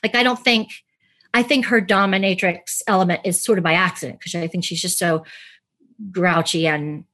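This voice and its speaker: A woman's voice: on the low side, fairly even intonation, moderate pace, a bit bright. A woman who is an actress and podcast guest, telling stories animatedly in a casual interview, laughing and acting out quotes.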